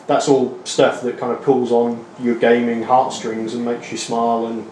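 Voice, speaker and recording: A man's voice: mid-range voice, little pitch movement, moderate pace, darkish tone. Enthusiastic man in an echoey interview clip. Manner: enthusiastic, many fillers. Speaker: game developer interviewee. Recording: echoey room with faint noise.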